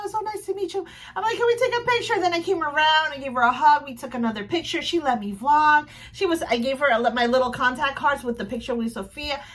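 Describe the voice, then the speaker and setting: A woman from New Jersey telling a casual storytime recap on her vlog, gushing and excitable, rambling with restarts. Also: a little high. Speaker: vlogger.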